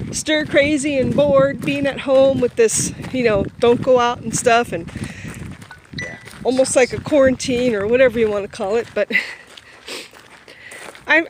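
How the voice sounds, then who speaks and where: A woman from Ohio rambling casually while she films a walk in a park on a handheld phone, a bit out of breath from walking fast. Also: on the high side. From Boardman, Ohio. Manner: rambling, chatty, laughs often. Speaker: vlogger. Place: outdoor park, windy day. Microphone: handheld phone camera while walking. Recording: loud outdoor wind noise.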